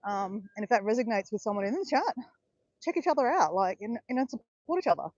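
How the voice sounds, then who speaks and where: A woman's voice: medium pitch, brisk, dry recording, highs cut off. Chatty Australian woman live-streaming. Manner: chatty, addresses viewers by name, bursts of excited cheering. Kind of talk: chatty livestream talk to viewers.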